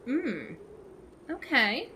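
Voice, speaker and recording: A woman's voice: sits high, very animated, extremely slow, noisy background. A woman hosting a casual let's play, chatting enthusiastically over gameplay with plenty of fillers and restarts.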